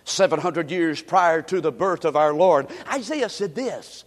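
A man's voice: fairly high pitch, expressive, unhurried, few pauses, in a large hall. A man from the United States preaching a sermon, leading his congregation in call-and-response. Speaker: pastor.

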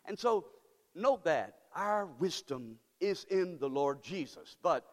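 This pastor's voice is on the high side, very animated yet slow, echoing with long reverb through the church sanctuary. His sermon is fervent and repetitive, and the congregation responds back to him.

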